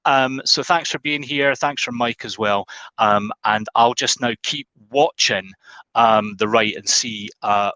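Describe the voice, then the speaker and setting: A British man hosting a webinar, rambling and informal with frequent ums. His voice is bright and forward, recorded dry and close. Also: medium pitch, dry recording, rough recording. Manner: rambling, many ums and restarts. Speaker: webinar host. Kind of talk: casual online presentation.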